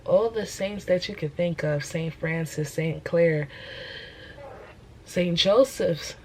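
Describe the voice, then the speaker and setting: A woman's voice: fairly low pitch, slow pace, darkish tone, slight background noise, poor audio. Emphatic young woman preaching casually. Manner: emphatic, preachy, repeats phrases. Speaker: host. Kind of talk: casual faith talk.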